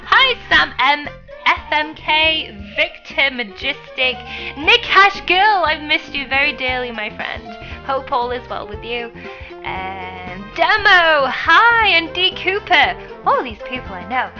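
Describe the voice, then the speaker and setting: A woman's voice: high-pitched, sing-song, slow, sharp tone, highs cut off, soft background music. A young woman live streaming a game, chatting with viewers and greeting them by name. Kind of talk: live stream chat while gaming.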